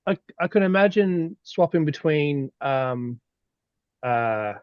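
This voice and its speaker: A male host asks his questions haltingly, restarting and repeating words as he goes. His voice comes through dull and slightly lo-fi, with a dry, close sound. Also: fairly high pitch, animated, clean tone, dry recording. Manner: hesitant, stumbling over words. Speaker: interviewer, host. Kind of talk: casual interview questions.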